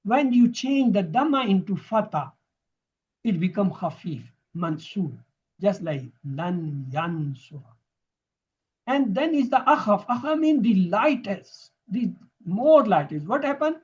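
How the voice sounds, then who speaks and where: A man teaching Arabic verb grammar for Quran study, explaining slowly and repeating words for emphasis. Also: high voice, big pitch swings, darkish tone, husky. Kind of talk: classroom lesson. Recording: dull lo-fi recording.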